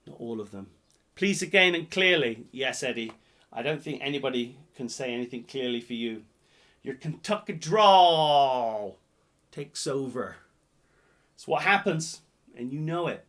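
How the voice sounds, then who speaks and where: A man hosting a live-streamed pub quiz, jokey and rambling, swinging between loud announcements and muttered asides. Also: medium pitch, animated, moderate pace. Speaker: quiz host.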